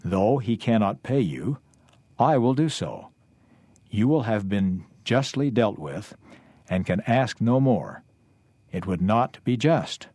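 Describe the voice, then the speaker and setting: A man voicing a calm, kindly male mediator who offers to pay the debt, read out in a steady, reassuring way. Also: fairly low pitch, slow pace, no room sound, full character voice.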